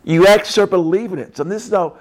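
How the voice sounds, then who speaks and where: Speaking fast in a high voice, a man shares a casual Christian testimony. He repeats himself emphatically and keeps tagging his lines with "right?".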